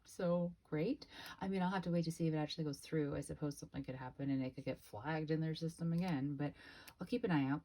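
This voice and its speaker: A woman's voice: low-pitched, fast, dark tone. A woman vlogger telling a chatty, exasperated story while budgeting, often quoting herself and others. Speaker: personal finance vlogger. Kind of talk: casual budgeting chat.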